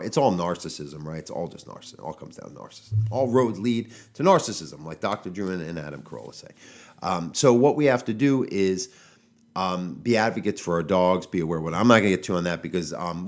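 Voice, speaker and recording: Ranting low-voiced male dog trainer. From United States. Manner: animated, exasperated ranting with fillers and restarts. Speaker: podcast host, dog trainer. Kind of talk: casual solo podcast monologue. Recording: audio-only podcast.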